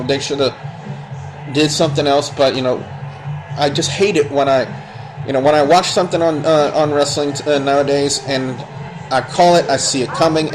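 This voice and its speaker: A man's voice: mid-range voice, rough recording. A man giving a blunt, opinionated spoken review of a wrestling show, rambling and restarting his sentences.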